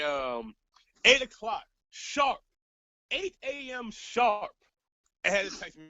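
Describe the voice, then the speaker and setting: A young man telling a story to the camera, casual and profane, sounding exasperated and animated. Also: sits high, no echo. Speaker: vlogger. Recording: slightly dull, dry lo-fi sound.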